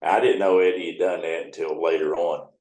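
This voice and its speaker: Low and darkish, his voice stays steady in tone while moving briskly. He's an older American, a retired river towboat captain spinning river yarns, folksy and profane, acting out others' lines in quotes during conversational storytelling recorded with roomy echo.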